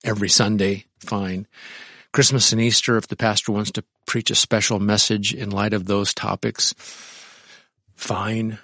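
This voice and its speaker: A man with a fairly low voice delivers a sermon in a conversational way. He reads aloud and breaks off into lively, chuckling asides. The sound is dry and close, with little room echo. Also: measured pace. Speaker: pastor.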